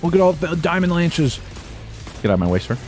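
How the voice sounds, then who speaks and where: Young American man, streamer type, playful commentary; lively swooping pitch, faint music under him. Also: brisk. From United States. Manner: playful, swings from mumbled asides to loud whoops. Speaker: gaming video creator. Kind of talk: casual gameplay commentary.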